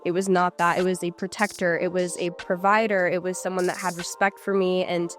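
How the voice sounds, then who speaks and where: A woman's voice: lowish voice, level tone, brisk, faint music behind. A young woman, an interview guest, recounting events casually with a hesitant manner, full of likes and restarts.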